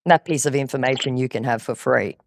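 A woman's voice: very deep voice, brisk, creaky. A woman baiting a scammer on a phone call, sarcastic and patronizing, scolding him. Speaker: scam baiter.

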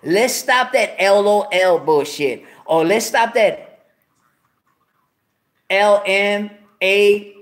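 Guy hosting his show, talking trash in street slang, swears a ton, gets loud and worked up. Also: sits high, extremely slow, long pauses. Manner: swaggering street slang, heavy cursing, animated outbursts. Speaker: show host. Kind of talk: casual profane rant to viewers.

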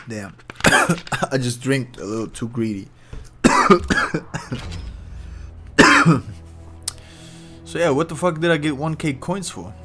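A man giving casual, excitable, profane commentary while playing online ranked fighting-game matches. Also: medium pitch, unhurried, pauses often. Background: fighting game music and sound effects.

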